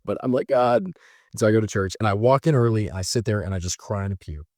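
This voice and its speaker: A man telling a personal story in a casual, animated way, mocking himself and jumping high when exasperated. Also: fast talker, no room sound, clean studio sound. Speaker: storyteller recounting a breakup.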